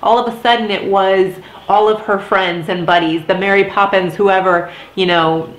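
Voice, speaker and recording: Young woman vlogger, candid storytime, emotional and chatty, echoey room, mid pitch. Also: steady tone, moderate pace. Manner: candid, emotional, heavy use of "like". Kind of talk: casual storytime. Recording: roomy echo.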